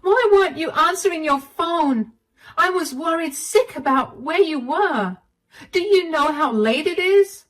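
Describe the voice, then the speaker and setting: A woman's voice: a little high, expressive, normal speed, far from the mic. A woman playing a frantic, wounded wife. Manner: pleading, agitated and raw. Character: hurt, frantic young wife confronting husband. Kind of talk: storytelling dialogue.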